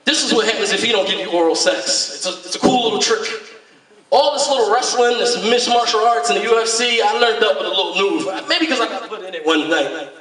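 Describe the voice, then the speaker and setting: A man performing a stand-up comedy set, animated and profane, often laughing as he talks. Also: sits high, fast. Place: room at a recovery meeting. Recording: echoey room, distant mic, crowd laughter. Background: audience laughter.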